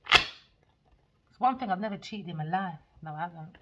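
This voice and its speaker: A woman giving a tarot reading, scornful and theatrical, mockingly calling people darling and shifting between loud outbursts and low mutters. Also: animated, moderate pace, slight background noise. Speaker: tarot reader. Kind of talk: rambling tarot reading monologue.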